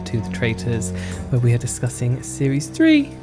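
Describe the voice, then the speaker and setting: A man's voice: medium pitch, huge pitch swings, moderate pace. British podcast cohost guy, dry short answers, bit of music faint underneath. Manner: dry, brief replies. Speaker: podcast co-host. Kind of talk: casual chat.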